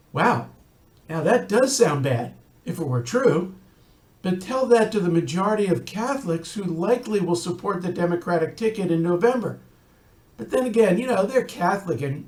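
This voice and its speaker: A rabbi giving an earnest recorded talk, telling a story and adding wry asides. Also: male voice, high-pitched, lively intonation, moderate pace, a little mellow, roomy sound.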